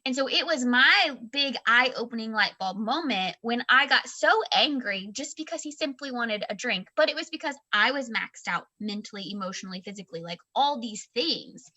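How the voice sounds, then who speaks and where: A woman in her thirties co-hosting a book club podcast, telling a home story in a lively, expressive way and acting out the voices she quotes. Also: a little high, normal speed, few pauses. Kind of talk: casual storytelling chat.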